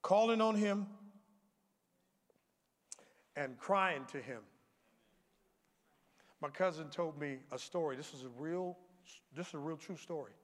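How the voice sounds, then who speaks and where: High-pitched male preacher, church sermon, quiet storytelling rising to shouts; echoing sanctuary. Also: unhurried, long pauses. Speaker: pastor. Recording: long hall reverb.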